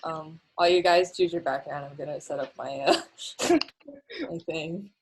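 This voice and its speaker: A young woman with a somewhat low voice runs a casual online coding class over a video call. She talks in a relaxed, chatty way, full of fillers and small laughs. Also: normal speed, slightly rough, rough recording. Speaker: coding instructor.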